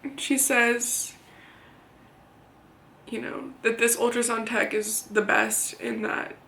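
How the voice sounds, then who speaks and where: A woman in her thirties speaks in a candid, plain-spoken way, often pausing and restarting. Her voice sits a little high and carries a gravelly, creaky edge. She records a personal vlog in a room with noticeable echo. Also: flat delivery, pushed and bright. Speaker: vlogger. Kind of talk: personal storytelling to camera.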